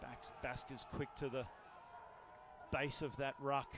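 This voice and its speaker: A man with an Australian accent calling a live rugby match as play-by-play commentator, energetic and rising to shouts on big plays. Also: mid-range voice, slow pace, a crowd in the background, background noise. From Sydney, Australia.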